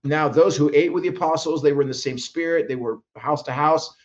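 Male guest minister, rapid, slightly high voice, animated storyteller who acts out other voices, muffled lo-fi sound. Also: a little hiss or hum. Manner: acts out quoted voices, frequent restarts.

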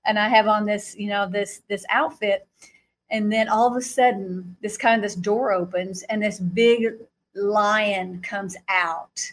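A woman guest speaker recounting a vision in animated storytelling, acting out quotes and laughing often. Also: medium pitch, normal speed.

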